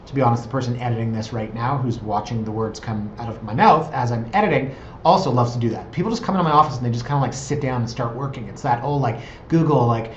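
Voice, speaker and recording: A man's voice: mid-range voice, fast talker, lo-fi sound, a little hiss or hum. Chatty man in an echoey office. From Canada. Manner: chatty, digressive, self-deprecating. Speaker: real estate agent. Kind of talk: casual vlog monologue.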